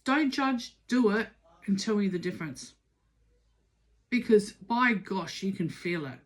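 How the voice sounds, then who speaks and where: A woman's voice: mid-range voice, lively intonation, a little slow. A middle-aged woman giving a casual spoken tarot reading, emphatic and urging, repeating words for stress. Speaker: tarot reader.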